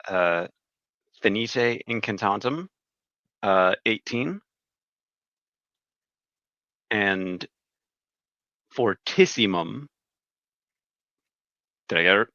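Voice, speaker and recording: A man's voice: on the low side, lively intonation, slow, pauses often, bright, forceful tone, no echo. A man playing a tabletop game, reading out his rolls with hesitant fillers. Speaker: player. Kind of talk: casual play at a tabletop game. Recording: dull lo-fi mic.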